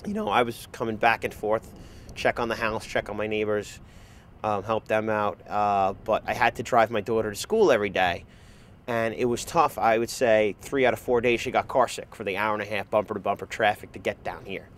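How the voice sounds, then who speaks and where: A man's voice: on the low side, fairly even intonation, a little fast. A father in his thirties speaking outdoors. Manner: conversational, with frequent ums. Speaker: parent and resident. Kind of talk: casual interview.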